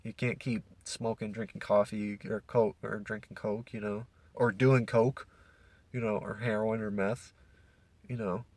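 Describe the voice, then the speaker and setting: A man's voice: fairly low pitch, flat delivery, a little slow, darkish tone, dry recording. A young man from Canada ranting casually as a podcast host, profane and rambling with many restarts.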